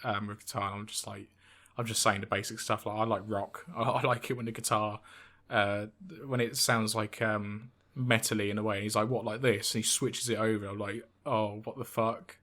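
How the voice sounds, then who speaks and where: A man's voice: lowish voice, level tone, brisk, pushed and bright. A man of twenty-one, a podcast co-host, telling a story in casual chat with many fillers and restarts.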